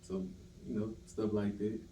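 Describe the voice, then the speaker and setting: A man from Louisiana, a podcast guest and performer, answering in a halting way and often restarting his sentences. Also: lowish voice, completely flat delivery, mellow. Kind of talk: casual interview chat. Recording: roomy room, distant mic, faint hiss.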